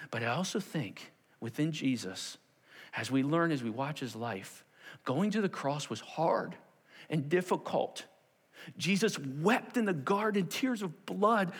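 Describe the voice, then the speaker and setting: A man preaching a sermon to a congregation, animated and acting out the scenes of the story in different voices. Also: on the high side, unhurried, breathy edge, big-room sound. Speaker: pastor.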